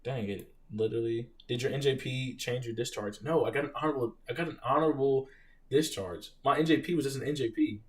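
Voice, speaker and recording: A young man hosting a casual live Q&A, reading out viewer questions and telling stories in an animated, profane way. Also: medium pitch, quick pace, far from the mic. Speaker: live stream host, Marine veteran.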